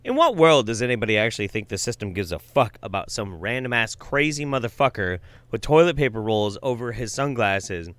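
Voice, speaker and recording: A man's voice: fairly low pitch, expressive, brisk, fairly bright tone, dry recording. Profane, exasperated male commentator. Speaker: commentary host. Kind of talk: reaction commentary on a video.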